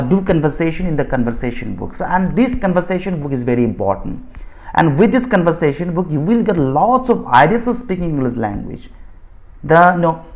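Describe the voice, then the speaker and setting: Teaching spoken English in an explanatory lecture, this Assamese man, whose first language is Bodo, speaks with an Indian accent in a fairly high, somewhat mellow voice. He keeps pressing his points, rewording phrases and starting sentences over.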